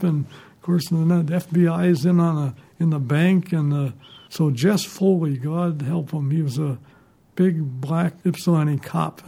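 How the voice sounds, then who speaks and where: A man's voice: a little high, creaky, warm tone. An older man, a retired newspaper reporter, telling rambling stories in an interview. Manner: rambling, chuckling anecdotes. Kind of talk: storytelling in an interview.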